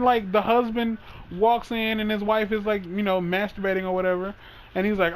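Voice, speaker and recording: Animated, rambling man with a slightly higher voice. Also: a little fast, slight background noise, rough recording. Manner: animated, rambling storyteller with frequent "like". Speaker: host. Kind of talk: casual gaming podcast chat.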